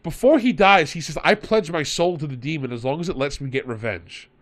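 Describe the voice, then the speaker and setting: Male podcast host, storyteller, animated delivery. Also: a little high, fairly quick. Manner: animated, retells players in quoted voices. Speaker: podcast host and game master. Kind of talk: storytelling in casual chat.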